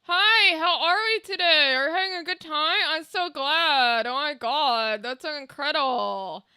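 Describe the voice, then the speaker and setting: A woman's voice: sits high, unhurried, bright, forceful tone, no room sound, studio quality. A woman putting on a chirpy, overly sweet greeter voice, sing-song and gushing, with her mouth held still.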